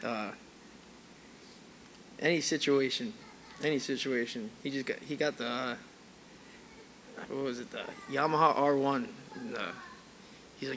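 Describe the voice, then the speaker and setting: A man's voice: mid-range voice, a little slow, pauses often, a bit bright, slight background noise. A man speaking at a friend's memorial service, telling a story casually and rambling with fillers. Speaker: friend giving a eulogy. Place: church hall.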